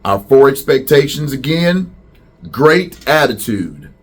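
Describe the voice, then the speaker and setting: A man's voice: mid-range voice, expressive, slow, husky. A middle-aged man, a school principal, addressing students in a welcome video and leading them in call-and-response chants.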